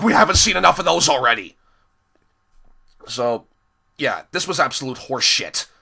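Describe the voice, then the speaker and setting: This episode reviewer is a young man with a mid-range, sharp-toned voice. Exasperated and swearing freely, he sighs heavily as he moves from one gripe to the next.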